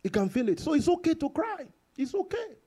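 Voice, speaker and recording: A man preaching a sermon to his congregation, repeating phrases for emphasis and jumping into sudden high bursts and chuckles. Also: very animated, brisk, warm tone. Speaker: pastor.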